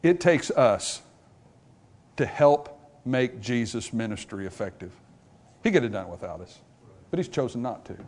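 With lively intonation, a moderate pace, and long pauses, a man gives a revival sermon in church. He moves between loud, climbing passages and quiet, low ones, acting out small character dialogues for the congregation.

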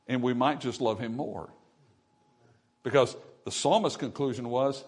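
A man preaching a sermon, his voice swelling loud and dropping soft, with scripture read aloud in old-style wording. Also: medium pitch, unhurried, pauses often, breathy edge. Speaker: pastor.

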